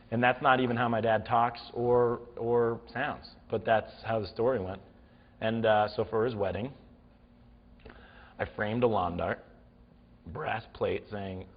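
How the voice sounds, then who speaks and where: A man's voice: on the low side, unhurried, long pauses, highs cut off. A man telling a funny story as a talk show guest, acting out the scenes. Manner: animated, acts out the scenes. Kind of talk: comic storytelling.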